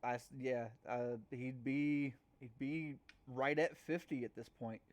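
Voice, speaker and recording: A man narrating a tabletop game as game master in a halting way, with many fillers and restarts. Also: medium pitch, fairly even intonation.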